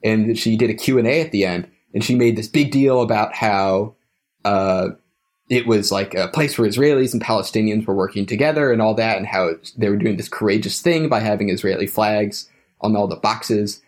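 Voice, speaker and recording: Low-voiced young man, hesitant. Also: moderate pace. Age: young adult. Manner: hesitant, with frequent restarts and trailing phrases. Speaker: guest. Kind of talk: casual conversational storytelling.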